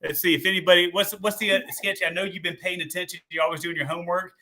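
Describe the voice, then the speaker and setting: A man's voice: high voice, flat delivery, quick pace, bright, forceful tone. A man hosting a casual live stream, upbeat and promotional, chatting with a co-host and reading out viewer comments. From Texas.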